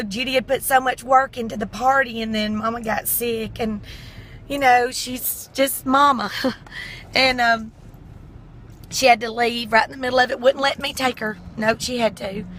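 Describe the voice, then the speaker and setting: A woman's voice: fairly high pitch, fairly bright tone, a little hiss or hum, low-quality recording. A middle-aged woman, chatting in a folksy, heartfelt way. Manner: folksy and heartfelt, tearful at times. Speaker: vlogger. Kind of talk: casual chat.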